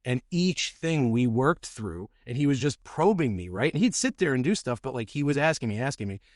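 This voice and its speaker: A man's voice: mid-range voice, expressive, fairly quick, dry recording, studio quality. Candid storytelling man hosting a podcast. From New Jersey. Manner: candid storyteller, swears, repeats words. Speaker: podcast host. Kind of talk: casual chat, storytelling.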